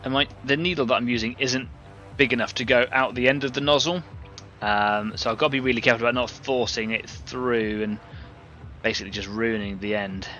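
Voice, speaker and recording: Man, live stream host, bright voice, chatty and rambling, faint music behind. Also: medium pitch, steady tone, brisk, dull audio. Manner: chatty, rambling, greets viewers from chat. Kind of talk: casual live-stream chat while working.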